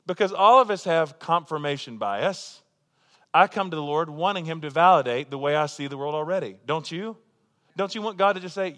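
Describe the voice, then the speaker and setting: A male pastor delivers a sermon in a chatty, humorous manner, tossing rhetorical questions to his listeners. His voice sits a little high for a man. A long reverb trails each phrase, as in a large church hall. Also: fairly bright tone. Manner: conversational, joking, full of rhetorical questions.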